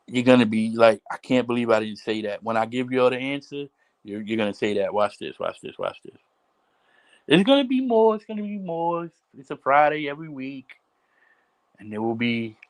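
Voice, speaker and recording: Male stream host, slow and repetitive, chatty and casual. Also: mid-range voice, rough recording. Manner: slow, repetitive, drawn-out talk with many restarts. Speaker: livestream host. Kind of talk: casual livestream chat.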